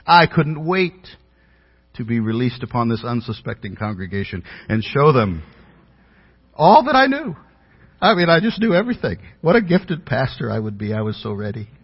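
A man preaching a sermon as a pastor, telling stories about himself in an earnest, self-deprecating way. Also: lowish voice. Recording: dull audio with long hall reverb.

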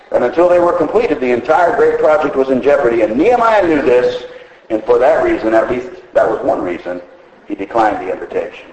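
A man preaching a sermon, telling stories with animated delivery and acting out the characters' lines. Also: mid-range voice, fairly quick, reverberant, low-quality recording. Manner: animated storytelling, voicing characters in quotes. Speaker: pastor.

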